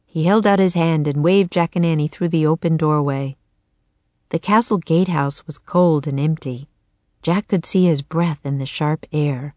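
A woman narrating a children's chapter book in a calm, even storytelling voice. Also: low voice, a little slow, no room sound. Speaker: audiobook narrator. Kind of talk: scripted narration.

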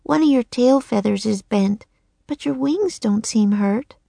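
A woman voicing a gentle, curious young girl in a storybook reading. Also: fairly high pitch, measured pace, gravelly, no echo, voice pushed up. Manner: gentle, coaxing.

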